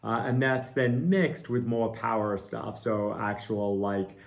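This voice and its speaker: A man's voice: lowish voice, steady tone, takes it slowly, vocal fry. A middle-aged man, a mountain guide, answering viewer questions in a casual, earnest way. He thinks aloud with fillers and pokes fun at himself.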